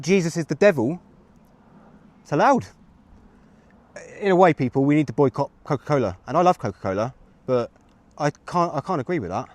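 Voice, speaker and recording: A man in his thirties, livestreaming outdoors to his chat, rambling and chatty as he talks on a phone mic. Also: a little high. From England. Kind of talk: live street streaming to chat. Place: outdoors on a street with traffic. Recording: street traffic noise behind.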